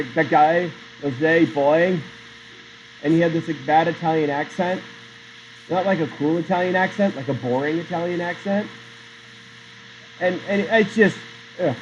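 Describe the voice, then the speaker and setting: A man's voice: high voice, slight background noise. A male teacher giving a classroom lecture, chatty and digressive, often quizzing the class. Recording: dull lo-fi sound.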